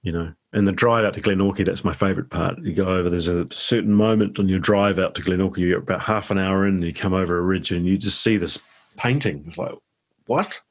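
A New Zealand man with a very low, deep voice talks through his stories in an easygoing, rambling way. He is a middle-aged actor chatting as a guest in a relaxed interview. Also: fast.

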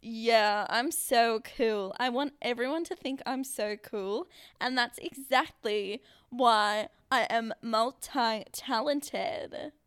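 A woman's voice: a little high, slow, few pauses, a bit bright, clear, resonant tone, no room sound, clean studio sound. A woman doing a mock American accent as a smug, self-obsessed cool girl, drawling and boastful.

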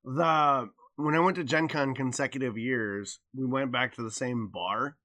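A man's voice: mid-range voice, measured pace, sharp tone. An American man co-hosting a podcast, telling a loose, profane bar story in casual chat. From United States. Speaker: podcast co-host.

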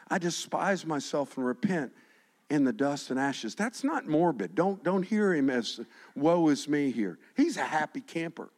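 A middle-aged male pastor preaching a sermon with passion, dropping to a hush and then rising to shouts. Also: fairly high pitch. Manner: impassioned, swinging from hushed to shouting.

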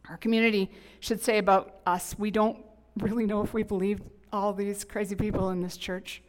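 A middle-aged woman pastor preaching a sermon in an animated, emphatic, conversational way with humorous asides. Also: medium pitch, normal speed. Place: church sanctuary. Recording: long hall reverb.

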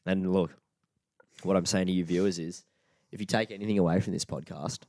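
A man's voice: low voice, fairly even intonation, brisk, darkish tone, no echo, studio quality. A young Australian man co-hosting a podcast, blunt and swearing freely in casual chat. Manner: blunt, swears freely, mock-outraged rants. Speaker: podcast co-host.

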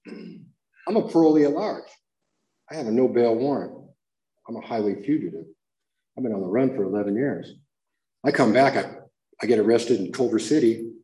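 Rambling man telling his story in an echoey room. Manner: rambling and animated, voice climbing high when reenacting shouting; repeats "you know what I mean" and "dude". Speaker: recovery speaker. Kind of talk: recovery share.

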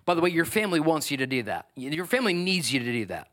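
A man with a fairly high, bright-toned voice delivers a sermon as a pastor. He reads scripture and comments on it in an animated, emphatic way, often throwing questions at the congregation. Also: quick pace, few pauses. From New York.

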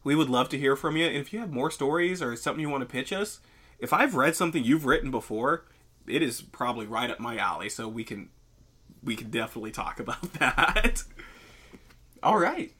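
A rambling male podcast host who swings between loose banter and reading a story aloud. His pitch moves a lot and his voice is bright and forceful. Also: fairly quick, husky. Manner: rambling, animated, laughs often. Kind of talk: casual chat and story reading.

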